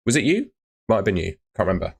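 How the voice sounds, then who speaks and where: A man's voice: on the low side, sing-song, very fast, vocal fry, husky. A man hosting a casual live stream, chatting loosely with filler words as he reads out viewer comments. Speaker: host of a fantasy football live stream.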